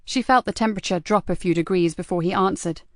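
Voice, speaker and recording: A woman reading a crime novel aloud as the audiobook narrator, in a steady, even way. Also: on the low side, quick pace, dry recording, clean studio sound. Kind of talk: scripted narration.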